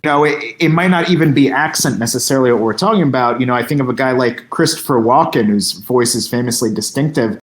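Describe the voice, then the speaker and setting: A man co-hosting a casual film-discussion podcast, talking in a thoughtful, measured way as he weighs his points. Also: mid-range voice. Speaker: podcast co-host. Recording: roomy echo.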